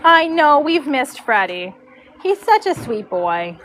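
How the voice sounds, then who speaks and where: A woman's voice: high voice, big pitch swings, slow, fairly bright tone, soft background music. A woman in her forties who braids horses, chatting casually on a livestream, answering viewer comments and cooing to her dog in a horse barn. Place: horse show barn stall.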